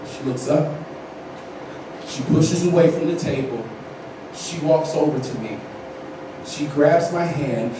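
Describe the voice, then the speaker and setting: Male motivational speaker, high voice, dramatic storyteller, booming echo of a big hall, mic far off. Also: slight background noise. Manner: animated, dramatic storytelling with bursts of shouting. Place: large hall at a conference.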